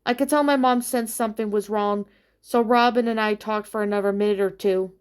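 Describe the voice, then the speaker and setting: A woman's voice: mid-range voice, fairly even intonation, fairly quick, clear, resonant tone. A young woman in her twenties narrating a true personal story in the first person, in a plain, rambling way with long run-on sentences. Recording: faint background music.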